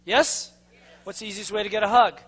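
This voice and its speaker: A man with a very high, bright, forceful voice drives a motivational seminar. He speaks in punchy bursts and keeps pulling answers from the audience. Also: a little fast, husky. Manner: energetic, punchy, constantly asks the audience to respond. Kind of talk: seminar talk to a live audience.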